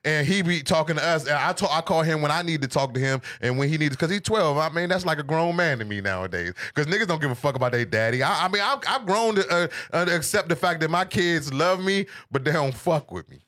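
A man, a comedian, telling stories in casual podcast chat, animated and profane. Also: fairly high pitch, fast talker, hardly any pauses. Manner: animated, profane, storytelling rants.

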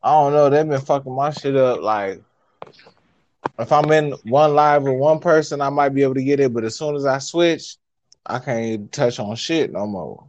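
A man co-hosting a casual podcast, joking and profane, telling stories with animated delivery. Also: medium pitch, normal speed, muffled recording, slight background noise. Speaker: podcast co-host. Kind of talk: casual live podcast banter.

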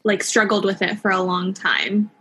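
Expressive young woman podcast co-host. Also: mid-range voice, normal speed, slight background noise. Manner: expressive, animated fan talk. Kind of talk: casual chat.

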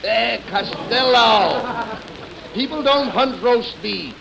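A man playing the brisk, scolding straight man in a 1940s radio comedy, on a noisy old broadcast recording. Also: very high voice, creaky.

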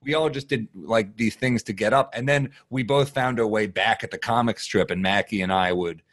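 A man telling profane, animated stories as a guest comedian in casual podcast chat. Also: on the low side. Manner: animated, profane, fast-shifting storyteller.

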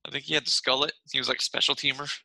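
A man's voice: medium pitch, little pitch movement, racing, gravelly, pushed and bright, dry recording, rough recording. A man hosting a sports podcast, leading the talk and making blunt, jokey put-downs of players. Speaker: podcast host. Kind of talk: casual sports chat.

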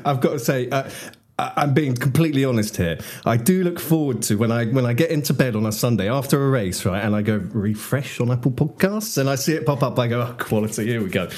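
A man's voice: mid-range voice, quick pace, a little mellow. A young man hosting a casual podcast chat, joking and laughing easily. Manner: chatty, self-deprecating, laughs easily. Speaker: podcast host.

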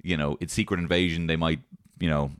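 Deep-voiced man swearing in casual film chat. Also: quick pace, clear, resonant tone, dry recording, clean studio sound. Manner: animated, swears freely, acts out quoted lines. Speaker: podcast co-host reviewing films.

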